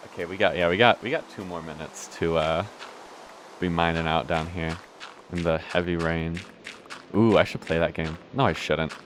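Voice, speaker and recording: A man's voice: deep voice, fairly even intonation, normal speed, a little hiss or hum. A young man hosting a let's play, rambling through casual gameplay commentary, restarting sentences and swearing offhandedly. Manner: meandering, self-interrupting, swears casually. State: hiccuping.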